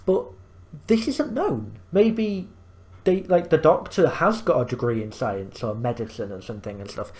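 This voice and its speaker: A man's voice: on the high side, sing-song, measured pace, a little mellow. A man hosting a reaction video, explaining things in rambling casual commentary full of fillers and restarts.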